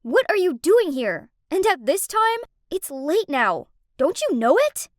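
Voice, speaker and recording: A woman voicing a protective young man in an animated story, firm and scolding. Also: high voice, measured pace, no echo, clean studio sound. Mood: stern.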